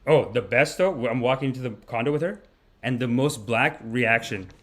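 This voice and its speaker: A man hosting a comedy podcast, riffing in an animated, rambling monologue. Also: medium pitch, normal speed. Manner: animated, rambling, swings between voices. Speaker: podcast host.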